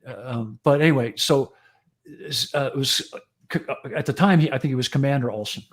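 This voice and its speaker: A man's voice: mid-range voice, brisk. A man in his sixties, a fire chief and editor, telling profane, jokey stories in casual podcast chat. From United States. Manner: profane, jokey anecdotes with acted quotes.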